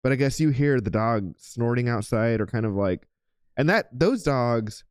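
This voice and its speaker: A man's voice: medium pitch, smooth, dry recording. Easygoing male co-host, dry sound. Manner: relaxed, quick agreeing interjections. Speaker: podcast co-host. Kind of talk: casual podcast chat.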